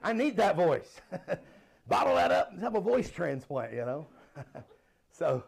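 A middle-aged male pastor preaching a sermon, animated and laughing now and then as he reads and explains scripture. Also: mid-range voice, normal speed, creaky, pauses often, slightly rough.

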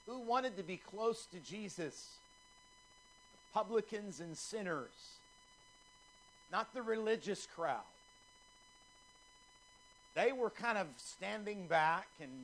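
A man's voice: a little high, fairly bright tone, a little hiss or hum, poor audio. A man preaching a sermon, reading scripture aloud with theatrical emphasis and leaning hard on single words.

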